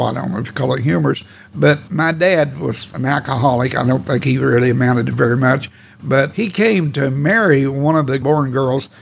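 A man's voice: mid-range voice, vocal fry, a little hiss or hum. A man, telling his life story in a folksy, rambling, plainspoken way. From Oklahoma. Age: 80s. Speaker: oral history interviewee. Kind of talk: casual storytelling reminiscence.

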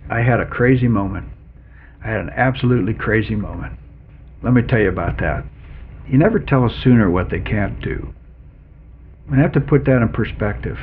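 An older man, a retired executive from Oklahoma, tells an anecdote as an interview guest in a lively raconteur's manner, chuckling as he goes. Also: fairly low pitch, moderate pace, pauses often. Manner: lively raconteur, chuckles through his story. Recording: narrow phone-like radio sound with faint hiss.

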